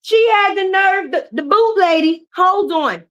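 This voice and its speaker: Woman, high-pitched, profane mocking live-stream rant. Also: expressive, unhurried, a bit bright, lo-fi sound. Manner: profane, mocking, switches into jeering put-on voices. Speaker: commentary streamer. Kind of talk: ranting live-stream commentary.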